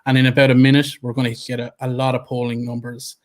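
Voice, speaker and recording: A man hosting live election-night commentary, reading out vote figures in a measured way with fillers. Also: mid-range voice, monotone. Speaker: host.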